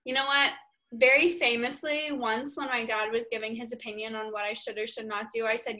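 Animated young woman co-hosting a podcast. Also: fairly high pitch, a little fast. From Virginia, US. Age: young adult. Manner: animated, swears freely, lots of filler "like". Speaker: podcast co-host. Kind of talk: casual chat.

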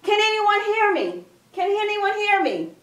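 A woman preacher voicing a desperate man hanging from a cliff branch, yelling and pleading for help. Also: extremely high pitch, big pitch swings, measured pace, voice pushed up, heavily acted. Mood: frantic pleading. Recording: echoey room from a distance.

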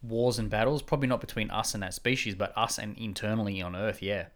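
A man's voice: fairly low pitch, fairly even intonation, quick pace, fairly bright tone. A man in casual conversation, arguing and speculating in long run-on points. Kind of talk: casual chat.

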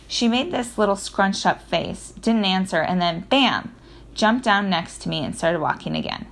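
A woman reads a children's chapter book aloud in the first person, in a lively storytelling manner. Her voice is on the lower side, with a gravelly edge running through it. She corrects herself now and then as she goes. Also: normal speed. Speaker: audiobook narrator.

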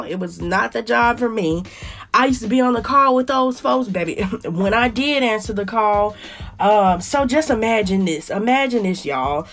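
A woman hosts her own podcast, playful and chatty, talking straight to her listeners as she tells a story. Her voice sits a little high, with faint music in the background. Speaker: podcast host. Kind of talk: casual chat and story time.

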